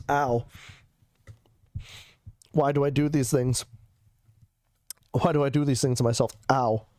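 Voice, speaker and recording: A man's voice: medium pitch, fairly even intonation, takes it slowly, long pauses, a little mellow, dry recording, clean studio sound. Sick, loopy man chatting on stream. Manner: loopy, rambling, swears a lot. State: sick, coughing. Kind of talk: casual chat.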